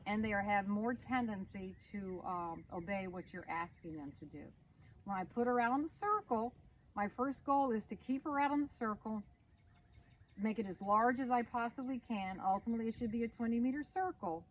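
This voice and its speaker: A woman's voice: medium pitch, distant mic. A woman riding instructor giving a practical demonstration, explaining steps and giving short firm commands to a horse. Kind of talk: outdoor horse-training demonstration. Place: outdoors in a horse arena. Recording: noisy outdoor recording with horse sounds.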